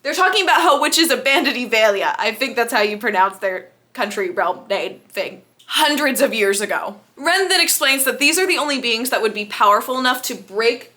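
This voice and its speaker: Female vlogger, casual recap delivery, bright tone, self-deprecating humor. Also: on the high side, moderate pace, few pauses. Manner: chatty and self-deprecating, laughs often. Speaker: book reviewer. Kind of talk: casual book recap vlog.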